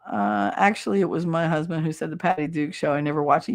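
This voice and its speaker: A middle-aged woman chats alone on her podcast in a somewhat low voice. She rambles from one memory to the next and pokes fun at herself along the way. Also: fast, few pauses. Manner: rambling, nostalgic and self-mocking. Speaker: podcast host. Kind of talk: casual solo chat.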